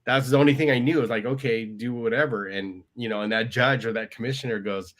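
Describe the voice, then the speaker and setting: A man's voice: medium pitch, fast, a bit bright. A man, a podcast guest telling his life story in a conversational way, often tagging lines with "right?". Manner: conversational, tag questions, quoting others. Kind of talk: storytelling interview.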